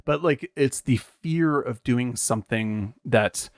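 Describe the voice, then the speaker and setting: A man's voice: medium pitch, takes it slowly, no echo. A man co-hosting a casual movie podcast, rambling, laughing often and swearing freely. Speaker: podcast co-host.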